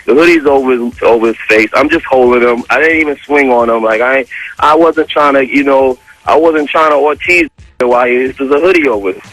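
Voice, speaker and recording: A man on a radio show, casually telling a story with animated, profane street slang. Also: medium pitch, a little fast, faint music behind, poor audio. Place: radio studio.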